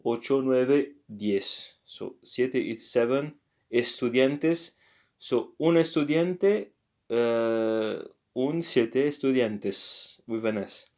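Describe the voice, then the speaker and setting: A man leads a casual online language lesson at a slow, unhurried pace. He speaks haltingly, thinking aloud, filling pauses and correcting himself as he goes. His voice sits at an ordinary pitch for a man. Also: expressive, darkish tone. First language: French. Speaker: language teacher.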